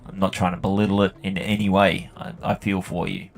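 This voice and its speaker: A fairly low-voiced man tells a rambling, profane story from his working life. He rants in a loose, casual way, like a gaming video host talking while he plays. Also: little pitch movement, brisk, vocal fry. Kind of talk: rambling anecdote while playing a game.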